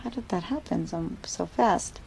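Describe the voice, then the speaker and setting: Woman playing a wary young wife, hesitant and guarded, fry-heavy mellow voice. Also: fairly low pitch, expressive, normal speed, slight background noise, rough recording.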